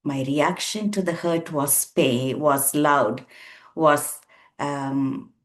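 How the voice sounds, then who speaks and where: Woman in her sixties, therapist, low voice, slow pace, earnest, emphatic repetition. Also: steady tone. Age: 60s. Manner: earnest, slow and emphatic, repeating words for weight. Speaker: counsellor and therapist. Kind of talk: reflective personal talk to camera.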